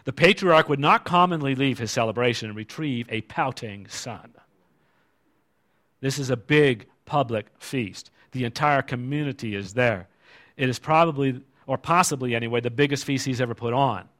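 A man's voice: medium pitch, normal speed, fairly bright tone. Man preaching a conversational sermon. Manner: conversational, asks the congregation rhetorical questions.

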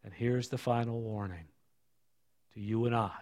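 Middle-aged man preaching, dropping to soft asides. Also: fairly low pitch, steady tone, normal speed. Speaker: pastor. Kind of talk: sermon with scripture reading.

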